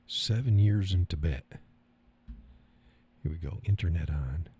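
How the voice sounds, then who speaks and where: A man's voice: deep voice, unhurried, mellow, breathy edge. A middle-aged man hosting a live stream, chatting loosely, cursing now and then and chuckling as he talks to his chat. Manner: rambling, swears casually, chuckles often. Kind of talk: casual chat reading viewer comments.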